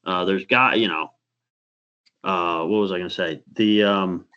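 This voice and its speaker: A man's voice: low-pitched, unhurried. Male co-host, chatty and rambling, medium voice, a little muffled recording. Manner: rambling, animated storyteller. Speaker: podcast co-host. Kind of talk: casual chat.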